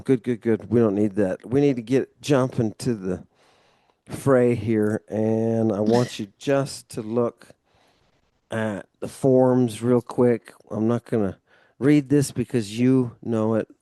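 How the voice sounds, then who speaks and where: A man tutors one student in a relaxed, explanatory way, walking through each point and checking in with a quick "right?" His voice is warm and mellow, sitting in the middle of the male range. The recording is close and dry. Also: mid-range voice, no room sound. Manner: casual and loose, with mild swearing. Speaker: Ancient Greek tutor. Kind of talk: one-on-one language lesson.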